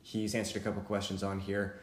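A man's voice: low voice, monotone, a little fast. A young man co-hosting a podcast, chiming in with short, easygoing reactions and reading out segment plugs. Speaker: podcast co-host. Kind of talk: casual chat. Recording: roomy echo.

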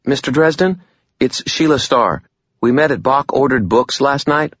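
A man's voice: mid-range voice, moderate pace, a bit bright, dry recording, muffled recording, voice pushed up, natural voice. A man voicing a nervous young woman who works in a bookshop, speaking hesitantly. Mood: anxious. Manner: hesitant, unsteady.

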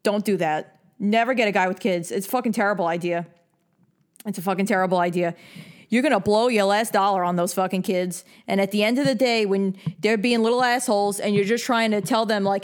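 A woman's voice: medium pitch, brisk. Young woman, from New York, profane, bossy, casual advice rant. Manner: blunt and heavily profane; bossy, lecturing.

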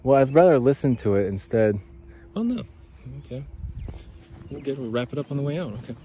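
A man's voice: mid-range voice, animated, a little fast, mellow, husky. A man rambling and swearing through a podcast monologue as he walks outdoors by a creek. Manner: rambling, profane, talks to listeners as guys. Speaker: podcast host. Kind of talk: rambling walk-and-talk monologue.

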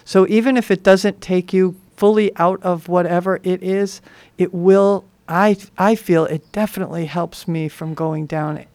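A woman's voice: on the low side, steady tone, unhurried, darkish tone, dry recording. A woman co-hosting a community radio talk show in a reflective, casual way, with light laughter. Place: radio studio.

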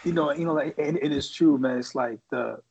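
A man's voice: on the high side, fairly quick, gravelly, dull audio, a crowd in the background. A middle-aged man from the Bay Area, a former Marine reservist, telling a rambling war story full of swearing and filler words. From San Francisco Bay Area. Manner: profane, rambling, lots of fillers. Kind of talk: casual chat, storytelling.

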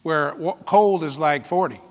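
A pastor preaching a sermon, telling folksy stories with asides and laughter. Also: male voice, a little high, measured pace, long reverb tail.

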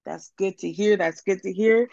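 A woman's voice: medium pitch, moderate pace, gravelly, darkish tone, no room sound, lo-fi sound. A woman stepping in as podcast host, giving playful hype introductions in casual chat. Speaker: stand-in host.

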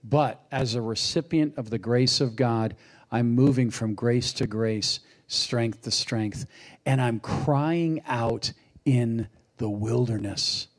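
A man preaching a sermon, unhurried and reflective, with lively acted quotes. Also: mid-range voice.

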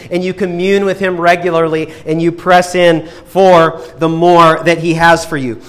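Animated high-voiced man preaching a sermon. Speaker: pastor.

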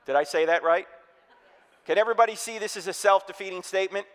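A man from New Jersey preaching a humorous apologetics sermon, energetic and quizzing his audience. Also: sits high, quick pace. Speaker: Christian speaker. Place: church hall. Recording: reverberant hall.

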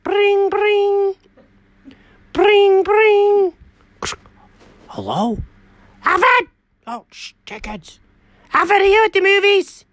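A performer voicing an excitable, chatty male house cat who frets aloud and bursts into dramatic outcries, in a one-person comedic audio story. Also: medium pitch, normal speed, no room sound, close to an everyday voice. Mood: indignant. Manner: talks to himself, frets, dramatic outbursts.

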